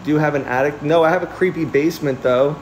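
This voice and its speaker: Speaking quickly, a young man rambles through a casual livestream from the house he's newly moved into, often restarting and fixing what he said. He uses a high, soft voice to coo at his cats, and the low-quality recording has slight hiss or hum.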